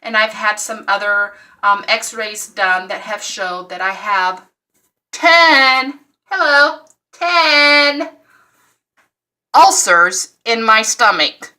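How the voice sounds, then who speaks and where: A woman vlogging about her recovery after surgery, telling her story in an exasperated, animated way and acting out the dialogue. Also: medium pitch, a little slow, recorded from a distance. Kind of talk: casual personal vlog.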